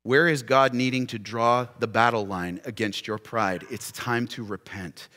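A man's voice: medium pitch, fairly even intonation, measured pace. A man preaching as a pastor, giving an impassioned altar call full of repeated rhetorical questions. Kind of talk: sermon. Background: soft music playing.

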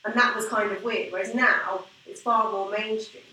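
A woman's voice: mid-range voice, fairly even intonation, normal speed, pushed and bright, slight background noise. A woman, a podcast guest, chatting with enthusiasm in a casual conversation. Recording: echoey room, distant mic.

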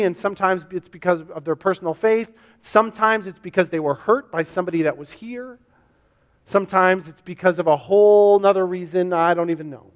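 A man pastor preaching a sermon in a church, earnest and repetitive, voicing the questions his listeners ask. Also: sits high. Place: church sanctuary. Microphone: to a camera for online viewers. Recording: long hall reverb.

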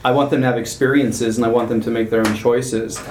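A man's voice: mid-range voice, level tone, fairly quick, darkish tone, a little hiss or hum. A man in his forties, a podcast co-host, telling candid stories in a casual group conversation. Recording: echoey room.

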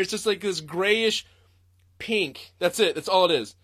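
A man hosting a podcast, ranting in a profane, rambling way and jumping suddenly into loud, high-pitched outbursts. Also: measured pace, no echo, studio quality. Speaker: podcast host. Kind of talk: livestreamed comedic rant.

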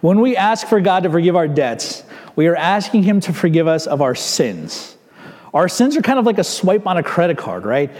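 Pastor preaching in a reverberant hall. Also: male voice, sits high, very animated, moderate pace, a little mellow. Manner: conversational, with rhetorical asides to the congregation. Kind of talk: sermon.

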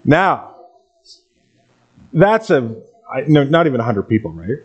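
A man pastor reading a Bible passage aloud and then preaching in a relaxed, conversational way to his congregation. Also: mid-range voice, unhurried, husky, muffled recording. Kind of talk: sermon.

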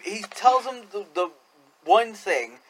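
Lively high-voiced man, laughing podcast banter. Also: a little slow, low-quality recording. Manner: laughing, rambling, does goofy voices. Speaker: podcast co-host. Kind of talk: casual chat.

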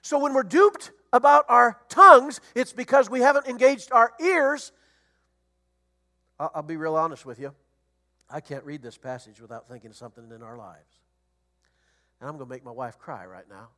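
A middle-aged or older man preaching a sermon as a guest preacher, animated and storytelling, rising to loud emphasis. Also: very high voice, moderate pace, pauses often.

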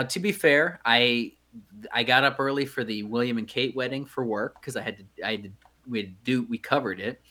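A man's voice: medium pitch, bright, forceful tone. A middle-aged man co-hosting a podcast in casual chat, rambling with many fillers and restarts. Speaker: podcast co-host.

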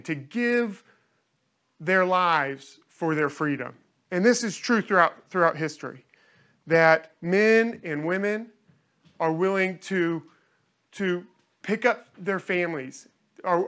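A man's voice: sits high, fairly bright tone. A man preaching a sermon in an earnest way, often repeating words as he searches for the phrasing. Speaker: pastor.

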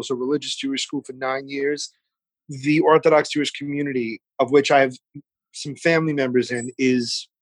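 A man talking as a podcast guest in a casual remote chat, chatty and profane with quick asides. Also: mid-range voice, no room sound. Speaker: podcast guest, TV food host. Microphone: remote call.

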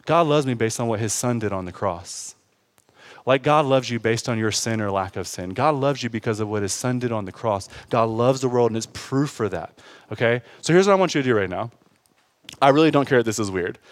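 A man preaching a sermon in a casual, conversational way, growing loud and lively as he gets stirred. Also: brisk, dry recording. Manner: animated, rising loud and high when stirred, laughing at his own stories. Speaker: pastor.

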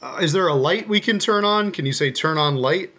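A man's voice: fairly high pitch, lively intonation, a little fast, bright, forceful tone. A man co-hosting a podcast over a video call, chatting in an easygoing, talkative way. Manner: easygoing, chatty, laughs easily. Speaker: podcast co-host. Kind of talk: casual chat.

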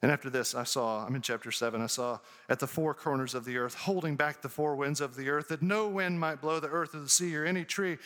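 A man's voice: fairly high pitch, fairly even intonation, a little fast, hardly any pauses, fairly bright tone. Guy preaching in a church, earnest, voice echoing round a big hall. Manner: earnest, preaching with rising emphasis. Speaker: pastor. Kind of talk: sermon. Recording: long hall reverb.

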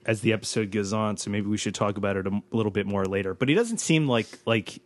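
Male co-host, low voice, dry offhand banter. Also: fast talker, dry recording. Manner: wry, offhand asides with lots of filler. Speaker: podcast co-host. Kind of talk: casual chat.

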